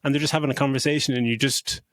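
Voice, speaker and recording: A man's voice: medium pitch, fairly even intonation, rapid-fire, fairly bright tone, no echo. A middle-aged man co-hosting a podcast, gushing about a film in casual chat, swearing freely and tripping over restarts. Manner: emotional when retelling scenes. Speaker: podcast co-host.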